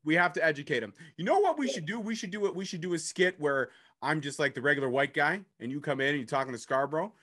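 A man from Ontario hosting a casual podcast interview, animated and joking. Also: a little high, fast talker, few pauses. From Ontario, Canada. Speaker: podcast host.

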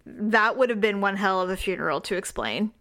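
A woman's voice: medium pitch, animated, a little fast, a bit bright. A woman co-hosting a podcast in casual chat, making dry, teasing remarks. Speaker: podcast co-host.

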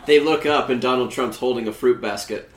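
A man's voice: mid-range voice, a little fast, reverberant, slight background noise. A man narrating an improvised comedy scene.

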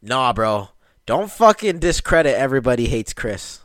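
Young man, podcast co-host, animated, laughs often, dry close mic, mid pitch. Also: moderate pace, no room sound. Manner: animated storytelling, swears a lot, laughs often. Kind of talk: casual chat.

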